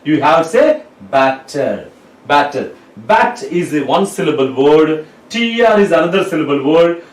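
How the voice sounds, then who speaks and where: A man's voice: on the high side, animated, normal speed. A man teaching a lesson, spelling words out letter by letter and repeating them. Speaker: English teacher. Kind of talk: classroom lecture. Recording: roomy, mic at a distance.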